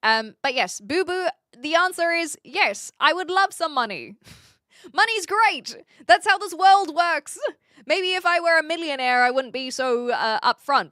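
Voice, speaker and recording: Bright Kiwi woman streamer chatting. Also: sits high, expressive, measured pace, dry recording, studio quality. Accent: New Zealand. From New Zealand. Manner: chatty, laughs often, answers chat. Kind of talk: casual live-stream chat.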